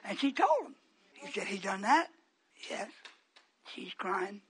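A man, likely older, preaching a storytelling sermon, swinging from quiet asides to shouted outbursts. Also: high-pitched, very animated, a little slow.

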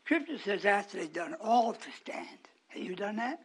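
A man preaching a sermon to his congregation, moving between hushed, whispered asides and raised, emphatic lines, with chuckles between. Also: sits high, sing-song, moderate pace, husky.

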